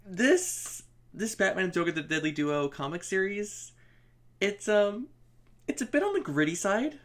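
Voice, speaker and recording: A woman's voice: mid-range voice, expressive, unhurried. A woman co-hosting a casual comic review stream, talking hesitantly with frequent ums and uhs. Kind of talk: casual chat.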